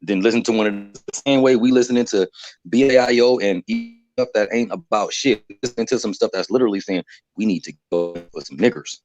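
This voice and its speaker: A man on a live stream discussion, talking in an animated, profane way and laughing often. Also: mid-range voice, brisk, faint music behind. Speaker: livestream panelist. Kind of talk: heated casual discussion. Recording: dry, dull lo-fi sound.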